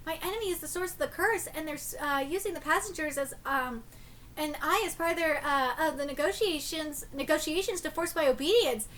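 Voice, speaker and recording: A woman reading aloud and voicing a cold, ruthless young female spirit medium in a flat, steady tone. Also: high-pitched, brisk, a little hiss or hum, pitched below the performer's own voice. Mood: calm.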